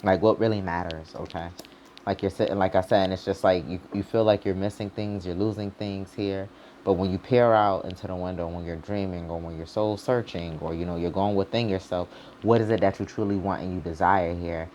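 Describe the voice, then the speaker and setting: A man with a fairly low voice gives a casual tarot reading, drifting from thought to thought. His talk is informal and streetwise, with the odd swear word. A faint noise sits under the voice. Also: fairly even intonation, brisk, a little mellow. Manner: loose and rambling, heavy on "like" and "you know". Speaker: tarot reader.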